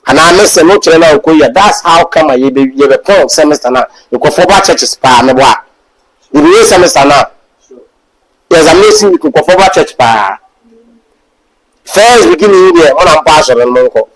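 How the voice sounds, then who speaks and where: Ghanaian guy preaching, lively voice jumping high and low, fairly high pitched. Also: normal speed, crowd noise, rough recording. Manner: animated, swings from loud exhortation to low asides. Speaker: Bible class preacher. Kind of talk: sermon mixing English and Twi.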